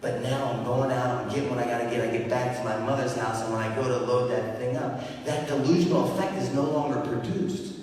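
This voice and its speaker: A man's voice: mid-range voice, steady tone, brisk, hardly any pauses, a little mellow, slight background noise. A man giving a keynote speech, telling his recovery story in a dramatic, emphatic way with repeated phrases and built-up lists. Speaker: keynote speaker. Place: large event hall. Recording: echoey hall, speaker far from the mic.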